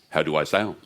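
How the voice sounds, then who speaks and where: Male guest preacher, casual and excitable, talks loosely into a stage mic in a church. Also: low voice. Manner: animated and chatty, laughs often. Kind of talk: lively conversational sermon. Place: church sanctuary. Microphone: stage microphone.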